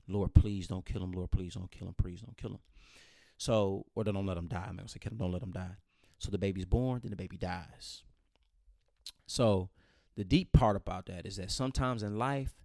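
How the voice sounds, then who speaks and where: A man's voice: fairly low pitch, no room sound, clean studio sound. A man, telling a personal story in casual conversation, repeating phrases and acting out what others said. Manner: animated retelling, quoting others, repeating phrases. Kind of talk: casual chat.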